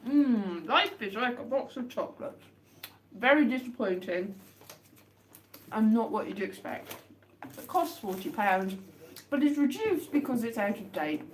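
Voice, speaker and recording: A woman rambles through a casual live stream, making wry, deadpan jokes between bites. Her pitch swings about a lot. A faint hiss of background noise sits under her voice. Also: a little slow, long pauses. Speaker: livestream host. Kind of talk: casual live chat while eating chocolates.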